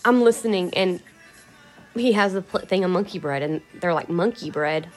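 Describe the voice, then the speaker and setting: A woman talks to her camera in a loose, rambling way, swearing freely and breaking into laughs. Her voice sits in a middle pitch, and soft music plays faintly behind her. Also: moderate pace. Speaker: vlogger. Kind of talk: casual emotional storytelling.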